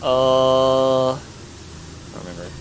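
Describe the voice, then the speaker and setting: A man's voice: mid-range voice, slow pace. A young man guesting on a game stream, joking and teasing his co-host in casual chat. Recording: noisy hissing mic.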